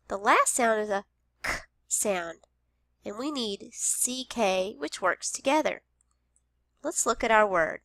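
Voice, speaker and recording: Woman teacher doing phonics for little kids, slow and patient, higher voice, dry close sound. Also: expressive, fairly bright tone, no echo. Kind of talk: phonics lesson for young children.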